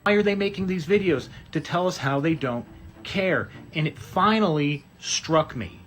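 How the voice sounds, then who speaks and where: A man's voice: fairly high pitch, lively intonation, normal speed, fairly bright tone, soft background music. A man narrating commentary, posing rhetorical questions. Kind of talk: voiceover commentary.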